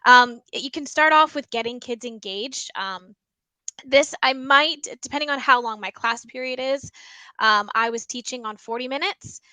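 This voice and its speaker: A woman's voice: high voice, normal speed, sharp tone, no room sound, low-quality recording. A woman librarian giving casual teaching tips about reading picture books aloud, chatty and full of ums. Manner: chatty, many ums, explains by example. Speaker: school librarian.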